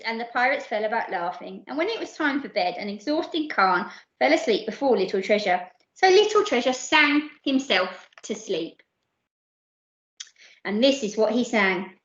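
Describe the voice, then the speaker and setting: Woman storyteller, higher voice, very lively delivery, roomy lo-fi sound. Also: moderate pace. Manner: lively, puts on voices for characters. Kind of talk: reading a children's picture book aloud.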